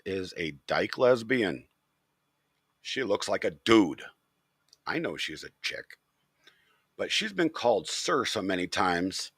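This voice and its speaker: Man, very deep gravelly voice, swooping expressive delivery, blunt and profane, dry close sound. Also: no room sound. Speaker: channel host. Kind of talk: casual opinion rant to camera.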